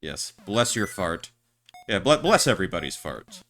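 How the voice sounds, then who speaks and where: A man's voice: mid-range voice, very animated, unhurried, sharp tone. A man streaming a game, chatting in a rambling, stammering way with crude jokes. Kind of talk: casual gameplay chat.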